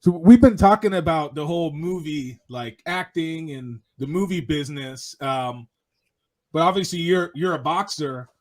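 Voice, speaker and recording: A man's voice: a little high, moderate pace, darkish tone. A man co-hosting and asking questions, with many hesitant fillers. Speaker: co-host. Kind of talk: interviewing.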